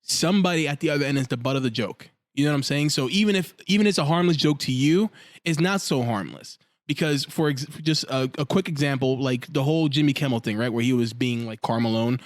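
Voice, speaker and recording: A man co-hosting a casual podcast tells stories at a quick pace, animatedly acting out the quoted lines as he goes. His voice is medium-pitched, and the studio-quality recording has no echo.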